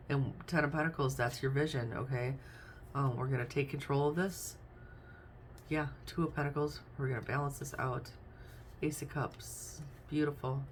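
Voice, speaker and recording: Reading tarot casually in a deep voice, a woman chats and muses out loud while naming each card, with slight background noise behind her.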